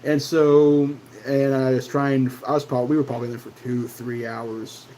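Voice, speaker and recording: A man's voice: medium pitch, flat delivery, normal speed, warm tone, a little hiss or hum, low-quality recording. A man hosting his own channel, telling a personal story in a loose, casual way, full of fillers and restarts. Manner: rambling, many fillers and restarts. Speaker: channel host.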